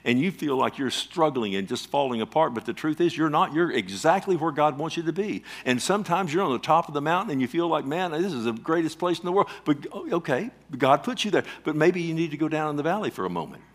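A man's voice: fairly high pitch, expressive, fast talker, hardly any pauses. Emphatic preaching man. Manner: emphatic, calls for responses, sudden loud swells and quiet drops. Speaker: pastor. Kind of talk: sermon.

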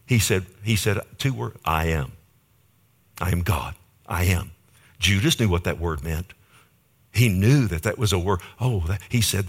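A man preaching a sermon, telling stories vividly and calling out for amens, with sudden swings between loud and soft. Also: deep voice. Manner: emphatic preaching, asking the congregation "Amen?". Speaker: pastor.

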